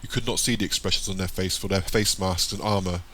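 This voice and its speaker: Narrating an audiobook at a fast clip, a man keeps a steady, descriptive delivery in a lowish but bright, forward voice, with faint hiss under the audio.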